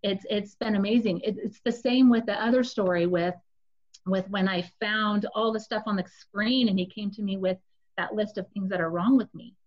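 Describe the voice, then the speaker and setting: A woman's voice: medium pitch, fairly even intonation, moderate pace, darkish tone, highs cut off. A woman sharing a personal testimony in a casual, confessional storytelling way, speaking directly to her listeners.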